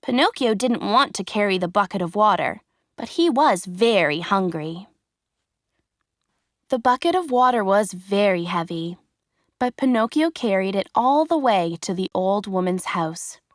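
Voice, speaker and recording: A woman reading a children's storybook aloud, clear and expressive. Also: mid-range voice, a little slow, no room sound, studio quality. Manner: clear, expressive, carefully paced. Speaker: storybook narrator. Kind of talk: slow storybook reading for learners.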